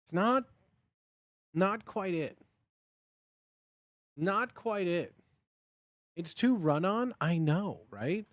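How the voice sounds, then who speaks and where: A man's voice: high-pitched, expressive, very slow, long pauses, no echo. A man chatting casually on a live stream, nervous and muttering to himself between fillers. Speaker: livestreamer.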